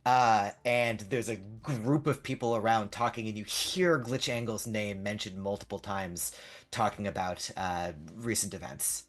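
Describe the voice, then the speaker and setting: A man's voice: on the low side, a little slow. A man running a tabletop game as game master, narrating casually with frequent fillers and swearing. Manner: casual, rambling, swears freely.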